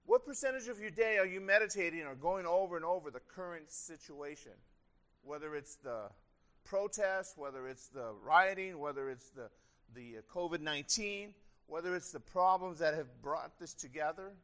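High-voiced man preaching earnestly. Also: expressive, normal speed, a bit bright. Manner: earnest, conversational preaching with rising emphasis. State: slightly strained throat. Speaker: pastor. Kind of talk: sermon.

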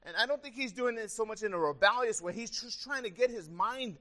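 A man's voice: high-pitched, animated, a little fast, bright, forceful tone. A man preaching a sermon as pastor, earnest and conversational, with a slightly strained throat.

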